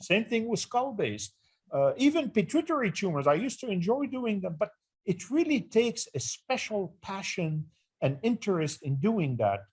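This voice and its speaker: An older man talks through his career in a fairly high voice, speaking earnestly. He often restarts a phrase as he gathers his memory, and his tone stays reflective throughout the interview. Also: big pitch swings, normal speed, darkish tone, breathy edge. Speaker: retired neurosurgery department chair, interview guest.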